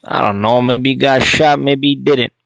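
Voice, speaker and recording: A man's voice: mid-range voice, fairly even intonation, creaky, fairly bright tone, no room sound, muffled recording. A Canadian man with a slightly nasal Canadian accent, calling in for a casual, playful chat. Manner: playful, teasing, drawn-out guessing game. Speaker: caller.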